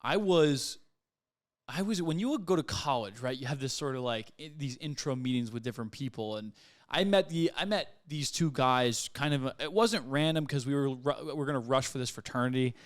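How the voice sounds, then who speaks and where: A man's voice: medium pitch, fairly quick. A young man co-hosting a casual podcast, talking loosely with lots of swearing and laughter. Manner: lively, laughs a lot, swears, loud cheering. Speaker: podcast co-host. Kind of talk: casual chat.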